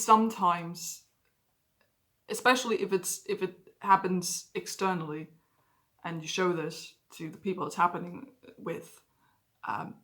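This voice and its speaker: A woman's voice: on the low side, fairly bright tone. A woman vlogging candidly about her own experiences, swearing freely and acting out her past outbursts. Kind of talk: personal confessional vlog.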